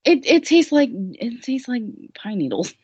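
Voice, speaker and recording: A woman's voice: a little high, very animated, unhurried, mellow, slightly rough, no room sound. A woman recapping a story in a casual podcast chat, rambling and jokey with lots of fillers, in a dull lo-fi recording. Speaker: guest recapping a musical.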